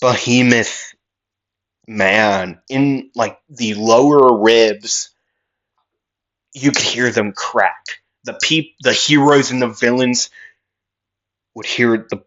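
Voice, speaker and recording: A man's voice: medium pitch, fairly bright tone, highs cut off. A man improvising a fan story aloud, rambling with many fillers and restarts.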